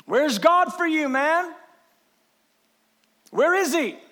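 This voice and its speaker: A man preaching a sermon voices a self-righteous male churchgoer who lectures and pries in a lowered, quieter voice. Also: lively intonation, slow, full character voice. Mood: accusing.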